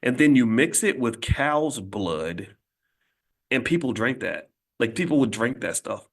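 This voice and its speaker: A man's voice: mid-range voice, expressive, measured pace, gravelly. A man hosting his own channel, telling stories in a blunt, emphatic, conversational way and often restarting his sentences. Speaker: host. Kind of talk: casual monologue storytelling.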